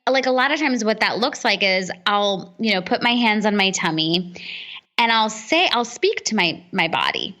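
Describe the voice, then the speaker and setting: Podcast guest: woman, 30s, bright, open and talkative. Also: mid-range voice. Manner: candid, chatty, heavy use of "like". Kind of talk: casual podcast conversation.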